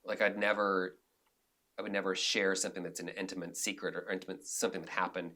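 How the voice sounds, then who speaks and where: Bright-toned man talking candidly. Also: deep voice, flat delivery, fast talker. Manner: candid, rambling, frequent restarts and fillers. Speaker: film director, podcast guest. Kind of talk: casual interview conversation.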